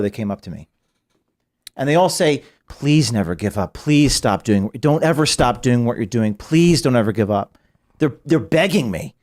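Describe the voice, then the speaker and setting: A man talks as a guest in a podcast interview at a middle pitch. He is emotional and halting, often trailing off into a quiet voice. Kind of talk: interview conversation.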